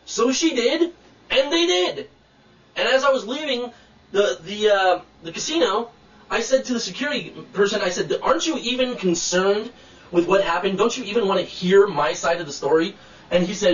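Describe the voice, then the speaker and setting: Indignant man with a high voice venting to camera, swearing, in a roomy room with the mic set away. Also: animated, fairly quick, a bit bright, recorded from a distance, highs cut off. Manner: indignant, blunt, swears freely. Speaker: vlogger telling a personal complaint. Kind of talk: casual video rant to camera.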